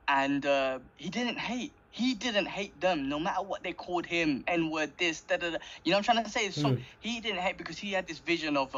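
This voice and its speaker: A man's voice: on the high side, fairly bright tone, dull audio. Enthusiastic man rambling on a podcast. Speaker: podcast co-host. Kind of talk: casual podcast chat.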